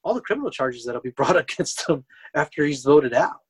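A man in casual political chat, speaking in a measured, agreeable way. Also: a little high, expressive, breathy edge.

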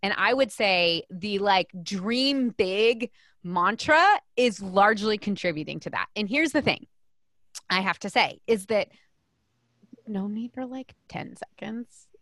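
A woman, an author and coach, talking as a guest in a casual interview in an energetic, emphatic way, often restarting her sentences. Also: mid-range voice, a little slow, no room sound, studio quality.

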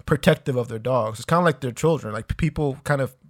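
A man's voice: mid-range voice, fast talker. Laid-back swearing podcast guy. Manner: laid-back, swears a lot, says dude constantly. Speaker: podcast co-host. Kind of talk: casual podcast banter.

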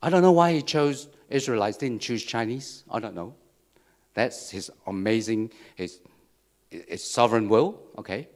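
A man's voice: on the low side, measured pace. Man preaching with frequent restarts. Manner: repetitive, restarts phrases, asks "okay?" and "right?". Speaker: pastor. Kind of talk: sermon.

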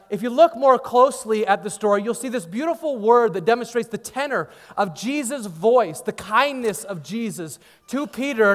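A man's voice: high-pitched, a bit bright, long reverb tail. A man preaching a sermon, telling the story with dramatic, acted-out dialogue. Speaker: pastor.

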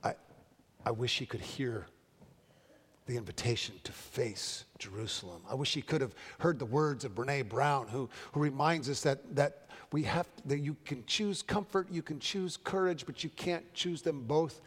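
A man pastor preaching a sermon in a measured way, often repeating words as he builds each phrase. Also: medium pitch, breathy edge. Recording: long reverb of a large hall.

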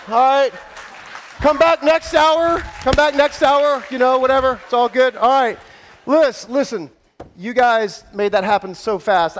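A man pastor running a playful contest in front of his church, joking and shouting with excitement, then winding down out of breath with a scratchy throat. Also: high-pitched. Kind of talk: lively church service hosting. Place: large church hall with congregation.

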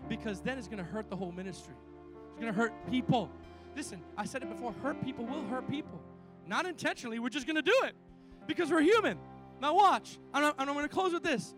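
A man with a strikingly high voice preaches a sermon. He tells personal stories with energy and calls his congregation to respond. Faint music plays beneath him. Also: fast talker. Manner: animated storytelling with call-and-response. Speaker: pastor.

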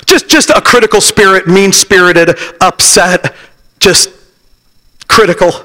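A middle-aged man preaching an impassioned sermon to young people, shouting and telling stories. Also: sits high, measured pace. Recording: long reverb of a large hall.

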